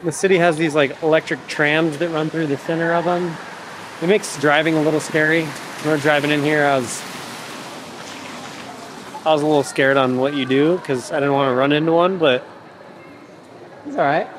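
A man's voice: fairly high pitch, steady tone, normal speed, long pauses. Chatty young man vlogging on travels. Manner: joking, chatty, rambling. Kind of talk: casual travel vlog. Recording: handheld camera with ambient noise.

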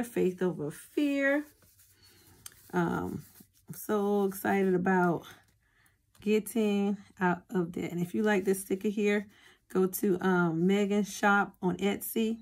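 A woman's voice: medium pitch, a little mellow. Chatty woman budgeting vlogger. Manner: chatty, addresses viewers as y'all. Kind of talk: casual chat to viewers.

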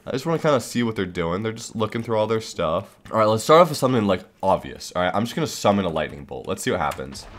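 A young man giving casual, excitable commentary over gameplay, talking to himself and narrating what other players do. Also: lowish voice, fast, few pauses, a little hiss or hum. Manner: excitable, giggly, talks to himself while trolling players. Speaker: Minecraft server owner and YouTuber.

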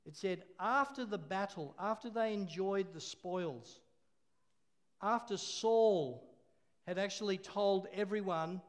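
A man's voice: sits high, animated, slow pace. A man preaching a sermon, telling a story with laughs and call-and-response.

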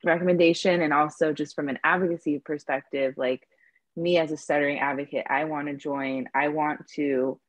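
A woman with a very low voice speaks on an online panel, stuttering with frequent repeats and restarts. Her sound is dry and close, as on a video call. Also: fairly even intonation, normal speed, no room sound, highs cut off.

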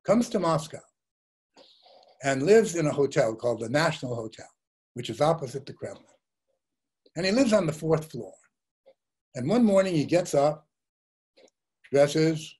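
A man's voice: on the high side, lively intonation, moderate pace, pauses often, darkish tone, husky. An older man giving a talk as a journalist, reflective, telling stories and posing rhetorical questions. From Russia and the United States. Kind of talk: lecture.

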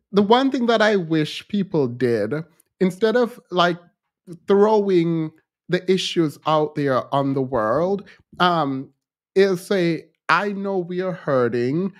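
A man's voice: high voice, animated, takes it slowly. A man hosting a casual commentary show, chatty and often laughing between his remarks. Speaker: host.

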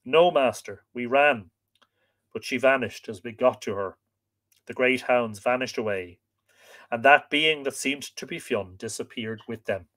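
A man's voice: mid-range voice, unhurried, a bit bright, close to an everyday voice. A man voicing a frightened, humble male servant in a read-aloud myth, in a pleading delivery. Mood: fearful.

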